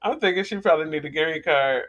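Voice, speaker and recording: A woman's voice: sits low, quick pace, highs cut off. A woman hosts a casual commentary vlog. She talks in a chatty, rambling way and often restarts her sentences as she talks to her viewers. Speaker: vlogger host.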